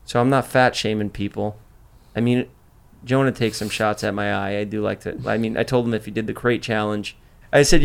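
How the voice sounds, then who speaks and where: A man's voice: lowish voice, steady tone, fairly quick, creaky, smooth. A man hosting a podcast in casual chat, brash and boastful, swearing freely as he talks. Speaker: podcast host.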